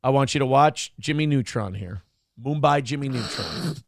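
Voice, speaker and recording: A man's voice: medium pitch, lively intonation, normal speed, dry recording. A man co-hosting a morning show, in casual comedic commentary, crude and mocking. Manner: crude, mocking, jumps into loud impressions.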